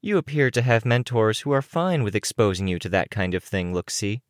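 An audiobook reader voicing a sly, smug young woman who speaks smoothly and wryly. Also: lowish voice, very animated, fairly quick, no room sound, clean studio sound, pitched above the performer's own voice. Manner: wry, smooth and knowing.

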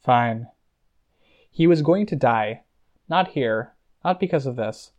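A man narrating a novel in a measured, even storytelling voice. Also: a little high, dull audio. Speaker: audiobook narrator. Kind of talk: scripted narration.

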